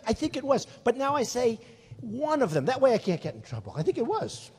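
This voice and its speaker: Lively boastful man in his sixties. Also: extremely high pitch, fairly quick, slightly rough. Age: 60s. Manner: boastful, rambling, repetitive. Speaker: political candidate. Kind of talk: rally speech. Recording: long hall reverb.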